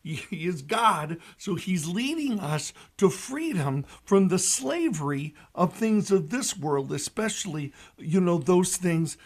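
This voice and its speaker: A man, a pastor telling a joke and giving a radio reflection, animated and loud at the punchlines. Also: high voice, a little slow, hardly any pauses. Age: 60s. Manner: animated storyteller who shouts the punchlines.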